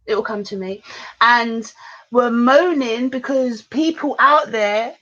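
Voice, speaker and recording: A woman in a casual podcast chat, animated, laughing often and trailing off mid-thought. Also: on the high side, takes it slowly, lo-fi sound.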